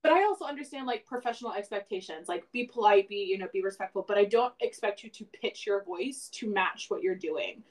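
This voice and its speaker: A woman's voice: mid-range voice, expressive, brisk, few pauses, rough recording. A woman co-hosting a podcast in casual chat, rambling and reflective, with many "like" fillers. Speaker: podcast co-host.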